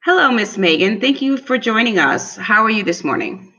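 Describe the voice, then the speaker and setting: A woman's voice: fairly high pitch, lively intonation, moderate pace, muffled recording. A woman hosting an interview show, introducing her guest and asking questions in an upbeat, welcoming manner. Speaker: host. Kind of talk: podcast hosting.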